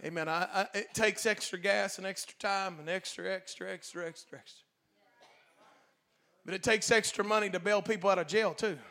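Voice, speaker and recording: A man preaching a Pentecostal sermon as pastor, talking in a folksy, colloquial way and swinging from quiet asides to loud shouted preaching. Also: high-pitched, fairly even intonation, moderate pace, creaky. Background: faint congregation.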